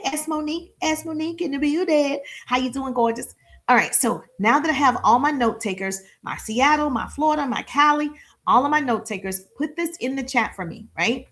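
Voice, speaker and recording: High-voiced energetic woman sales coach. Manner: energetic, repetitive, acts out little dialogues with high-pitched voices. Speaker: sales and marketing business coach. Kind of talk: live-streamed coaching talk.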